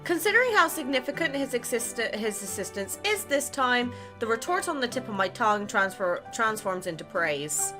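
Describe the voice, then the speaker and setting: A woman's voice: fairly high pitch, sing-song, moderate pace, hardly any pauses. A woman gaming creator reading a romance game aloud in a playful, chatty way. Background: game music.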